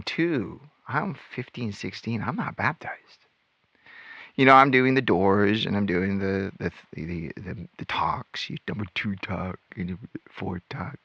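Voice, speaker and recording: Male host, personal testimony, gravelly lively delivery, dry dull sound. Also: fairly low pitch, dry recording. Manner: animated storytelling, acts out quotes. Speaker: ex-Witness channel host.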